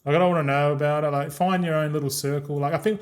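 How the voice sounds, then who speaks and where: A man's voice: fairly high pitch, fairly even intonation, quick pace. An Australian man in his thirties chatting casually while streaming a game, rambling and swearing freely with frequent laughs.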